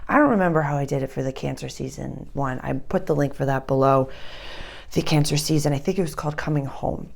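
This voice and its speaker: Gravelly low-voiced Boston woman. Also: a little mellow. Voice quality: rambling, thinking aloud with many fillers. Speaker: astrologer. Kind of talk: casual astrology lesson at a whiteboard. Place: indoor room with a board.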